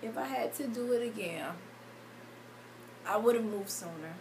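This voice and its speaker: A young woman, crying as she tells a personal story in a vlog, halting with many pauses and restarts. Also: on the high side, darkish tone, slight background noise, poor audio. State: tearful, crying. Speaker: vlogger.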